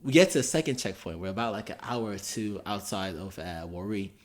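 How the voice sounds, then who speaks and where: A man's voice: on the low side, a little fast. A young Irishman co-hosting a podcast, telling a story in casual chat with a loose, slangy manner full of fillers and swearing. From Ireland. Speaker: podcast co-host.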